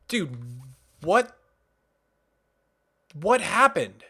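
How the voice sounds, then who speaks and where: A man's voice: high-pitched, sharp tone, breathy edge. A male streamer playing a game live, exasperated and frustrated, tossing in "dude" and "bro" as he talks.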